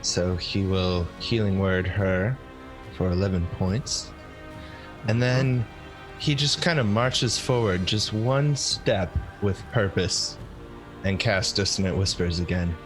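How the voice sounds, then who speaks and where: A man's voice: low-pitched, slow pace, over music, poor audio. A man playing a tabletop game, describing his character's moves in an easygoing way. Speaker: player.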